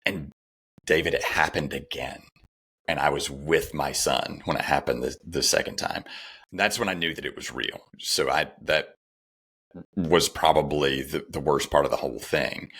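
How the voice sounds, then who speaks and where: A man's voice: a bass voice, normal speed, fairly bright tone, breathy edge. A middle-aged man, a podcast guest, candidly telling a personal story and retelling the dialogue, with some restarts.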